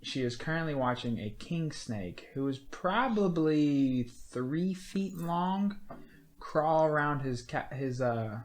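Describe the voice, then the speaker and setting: A man's voice: on the high side, lively intonation, slow pace. A man hosting a casual podcast, talking in an easygoing, rambling way. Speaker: podcast host.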